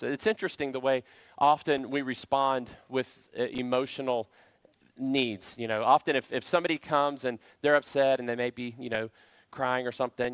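A man's voice: medium pitch, smooth, dry recording. A man preaching a sermon to a church congregation, earnest and full of rhetorical questions. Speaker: pastor. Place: church service.

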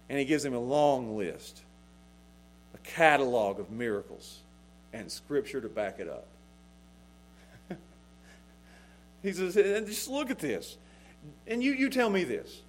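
A middle-aged man preaching a sermon as pastor, swinging between hushed lines and loud, emphatic ones. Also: high voice, sing-song, a little slow, pauses often.

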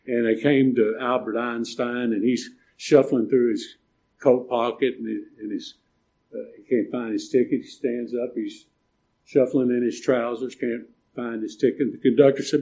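Older guy preaching, mellow dark voice, gets loud and emphatic. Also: medium pitch, fairly even intonation, normal speed. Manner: emphatic preaching, swelling louder on key points. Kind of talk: sermon.

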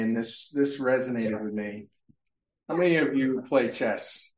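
A man's voice: medium pitch, lively intonation, unhurried, darkish tone. A male pastor preaching a sermon, asking the congregation questions and answering them. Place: church sanctuary.

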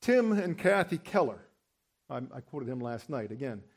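A man's voice: medium pitch, very animated, moderate pace. A middle-aged male pastor preaching a sermon with emphatic, rising peaks.

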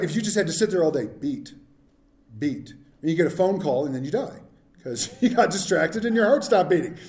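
A man preaching to his congregation with a fairly high, mellow voice. He talks in an easygoing, humorous way and keeps tossing questions to the listeners. The sound is roomy, with a clear echo around him. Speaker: pastor. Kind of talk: sermon.

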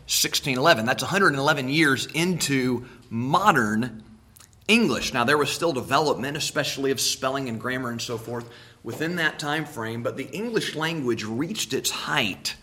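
A man's voice: mid-range voice, sharp tone. A man preaching a sermon, emphatic, repeating key words and asking rhetorical questions.

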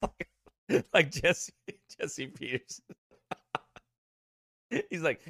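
A man's voice: mid-range voice, big pitch swings, extremely slow, gravelly, pauses often, a bit bright, dry recording, clean studio sound. A man, a pastor, chatting casually on a livestream, laughing often and in a goofy mood, his voice slightly strained.

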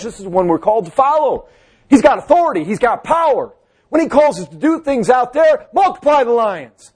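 A man preaching a fervent sermon, swinging between loud exhortation and low, hushed passages. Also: big pitch swings, brisk, husky.

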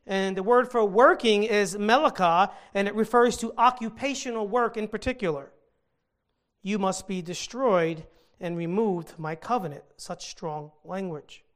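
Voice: medium pitch, moderate pace. Earnest Bible teacher explaining scripture. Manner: earnest, explains original-language words.

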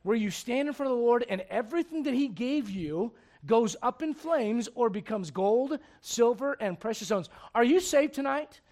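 A male pastor preaching a sermon with rhetorical questions, swinging between loud urgency and hushed gravity. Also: extremely high pitch, lively intonation, moderate pace. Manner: emphatic, many rhetorical questions.

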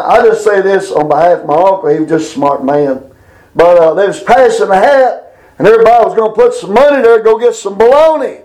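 A middle-aged man giving a casual Bible lesson, rambling through folksy stories and reading scripture slowly. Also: sits high, a little mellow, rough recording. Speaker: Bible teacher.

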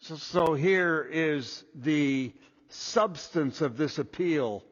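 A man preaching a sermon as pastor, deliberate and restarting his first words. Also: a little high, slightly rough. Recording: dull lo-fi echoey hall.

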